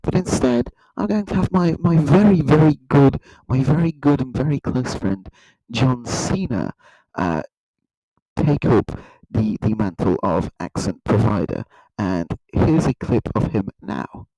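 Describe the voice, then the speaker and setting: A man's voice: medium pitch, expressive, measured pace, warm tone, no room sound, poor audio. A man hosting a satirical comedy video, rambling in a mock-serious way and often tripping over his words. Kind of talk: satirical monologue to camera.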